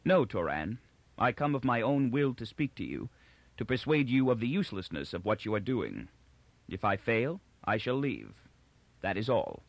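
A man's voice: medium pitch, sing-song, moderate pace, no echo. A cold, level colonel, as a male narrator reads him. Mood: flat. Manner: clear, level and emotionless.

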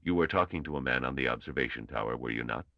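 A man voicing a shrewd, brisk old male mathematician who speaks in clipped, testing commands. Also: a bass voice, sharp tone, dry recording, lo-fi sound, full character voice. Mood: calm.

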